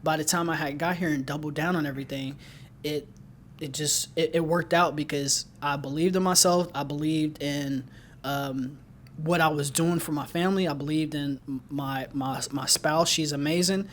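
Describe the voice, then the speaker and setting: A man's voice: fairly high pitch, fairly even intonation, normal speed, slight background noise. Upbeat young man in casual chat. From Ohio. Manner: upbeat, laughs often, restarts phrases. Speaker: podcast co-host.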